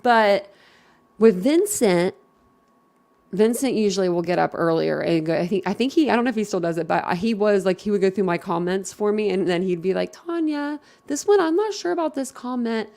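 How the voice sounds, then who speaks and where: A woman from Philadelphia hosts a live stream, talking to her viewers in a loose, rambling and outspoken way. Her voice sits at an ordinary middle pitch but carries a gravelly fry. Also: brisk, darkish tone. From Philadelphia, USA. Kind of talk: casual live-stream chat.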